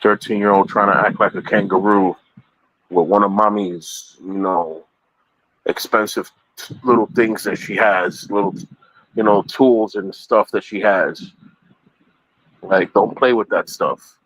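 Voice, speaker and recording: A man's voice: lowish voice, fairly even intonation, a little slow, pauses often, fairly bright tone, dry recording, poor audio. A man chatting casually as a podcast guest, rambling and repeating himself, with easy laughter as he talks. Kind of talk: casual chat.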